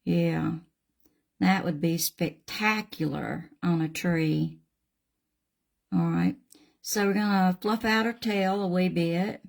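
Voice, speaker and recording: A woman's voice: on the low side, slow pace, vocal fry, pauses often. A middle-aged woman with a Southern US accent, hosting a live craft tutorial and chatting in a folksy way with viewers while she paints. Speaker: craft channel host.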